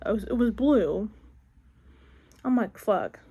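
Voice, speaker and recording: A young woman from around tells a casual storytime to her viewers. Her voice sits high, and she talks in an animated, profane way, acting out the people in her story. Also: slow pace, husky. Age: young adult. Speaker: vlogger.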